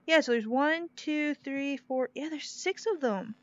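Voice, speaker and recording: A woman's voice: high voice, expressive, moderate pace, bright, forceful tone. A woman hosting a let's-play of a scary VR game, talking nervously and rambling to her viewers. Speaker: gaming video host. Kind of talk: casual let's-play commentary. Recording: noisy game ambience behind.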